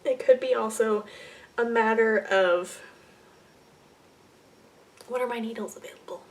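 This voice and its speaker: A young woman hosting a casual knitting podcast, rambling and correcting herself, often trailing off into soft muttered asides. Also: on the high side, a little slow, distant mic. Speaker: podcast host.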